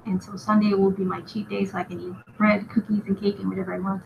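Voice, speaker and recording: A woman's voice: medium pitch, flat delivery, fast talker. Chatty woman rambling while she draws. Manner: rambling, chatty, often laughs at herself. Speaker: artist streaming a drawing session. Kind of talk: casual chat while drawing. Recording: lo-fi with clear background noise.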